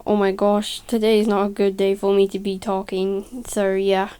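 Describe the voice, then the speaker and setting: A woman casually narrating a speedpaint video, halting and stuttering, correcting herself as she goes, and sounding tired. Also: mid-range voice, completely flat delivery, mellow, smooth. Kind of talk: casual voice-over storytelling.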